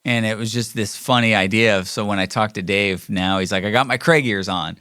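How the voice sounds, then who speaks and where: A middle-aged man tells a story on his podcast. His lower voice has a bright, forceful edge. He rambles along with fillers and restarts, and the dry, close mic takes in every word. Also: brisk, clean tone, dry recording. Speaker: podcast host. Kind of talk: casual storytelling monologue.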